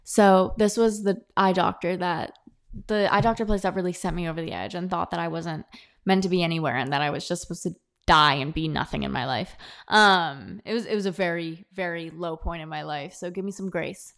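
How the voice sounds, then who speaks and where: Young woman podcast host, low-ish voice, casual anecdotal delivery, close mic. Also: a little fast, gravelly. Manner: chatty, animated, quotes others in dialogue. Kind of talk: casual storytelling monologue. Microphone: own podcast mic, close.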